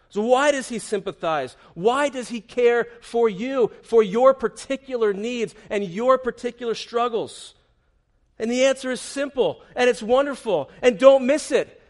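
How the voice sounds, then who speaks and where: A man preaching a passionate sermon and quoting scripture, who swings between loud urging and hushed, tender moments. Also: very high voice, moderate pace. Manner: quotes scripture verses. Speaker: pastor.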